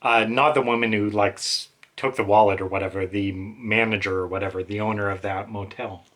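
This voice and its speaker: A man's voice: lowish voice, fairly even intonation, a little fast, a bit bright. A man hosting a book channel, talking in a rambling, emotional way with many fillers. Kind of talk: casual monologue.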